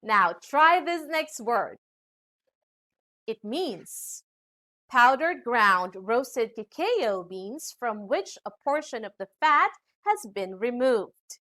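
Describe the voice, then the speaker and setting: A woman from the Philippines with a Filipino accent, teaching a scripted English pronunciation lesson to students. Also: on the high side. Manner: slow, lively teacherly delivery addressing students.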